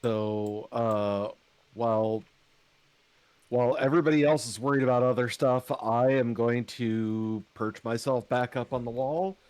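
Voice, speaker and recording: A man's voice: medium pitch, steady tone, unhurried, a little mellow, clear, resonant tone. A man playing his character in a tabletop game, casual and a little wary. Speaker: player.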